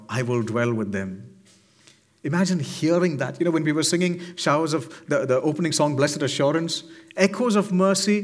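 A man preaching to his congregation in a fairly high voice, leaning on earnest rhetorical questions. His delivery turns low and hushed when he speaks the words of God, then rises again as he presses his point. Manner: drops low and soft when quoting God. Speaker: pastor. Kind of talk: sermon.

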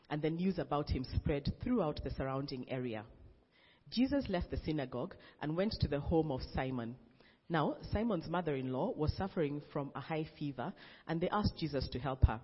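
Reading scripture aloud in a plain way, a man often stumbles and starts phrases over. His husky voice sits a little high, expressive and at a moderate pace, captured in a dull, reverberant recording.

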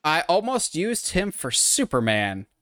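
A podcast co-host in a casual chat, animated and sarcastic, with mock quotes thrown in. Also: medium pitch, a little slow, dry recording, studio quality. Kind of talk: casual chat about movie casting.

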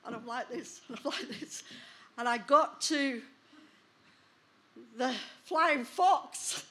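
A woman pastor in her sixties, speaking high and slow, gives a personal testimony as part of a sermon. She tells it vividly, acting out what happened.

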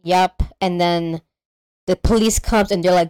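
Animated woman retelling a movie. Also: lowish voice, a little slow, smooth, no room sound. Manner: animated storyteller, acts out characters, swears freely. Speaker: podcast co-host. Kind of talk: casual movie recap chat.

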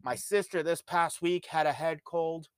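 A man's voice: a little high, steady tone, measured pace, clear, resonant tone, no room sound, clean studio sound. A man hosting a podcast, rambling through casual, profane stories in a laid-back way. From Ontario, Canada. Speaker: podcast host. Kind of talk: casual monologue.

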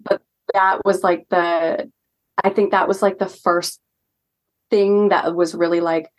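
A woman's voice: on the low side, level tone, measured pace. A young woman telling a personal story as a podcast guest, chatty and earnest, with lots of "like" fillers. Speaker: guest, holistic healing practitioner. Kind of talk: casual storytelling in a podcast interview.

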